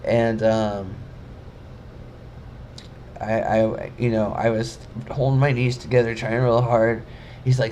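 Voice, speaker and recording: A man's voice: medium pitch, fairly even intonation, slow pace, pauses often, a little mellow, slight background noise. A young man telling a personal story in a casual vlog, rambling and emotional, with many fillers and restarts. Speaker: vlogger.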